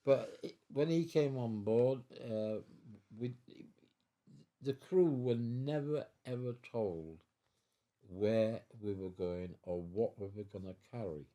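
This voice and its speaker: A man's voice: lowish voice, slow, dark tone. A man in his nineties telling his life story at home in an interview, rambling and restarting as he goes. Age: 90s. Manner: rambling, repeats and restarts, chuckles while telling. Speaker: veteran interviewee.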